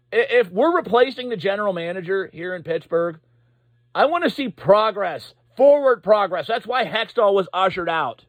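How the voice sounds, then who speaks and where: Fan-channel host, male, high-pitched, dry booth sound, profane and frustrated rant. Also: fairly bright tone, dry recording. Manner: profane, exasperated, halting restarts. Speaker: sports commentator. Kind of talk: casual sports rant. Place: Pittsburgh.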